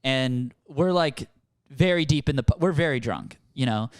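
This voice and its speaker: A man's voice: normal speed, no echo, studio quality. A young man co-hosting a podcast, telling a rambling story with lots of laughter and acted-out quotes. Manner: animated, laughing, acts out quotes in a higher voice. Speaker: podcast co-host. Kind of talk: casual storytelling chat.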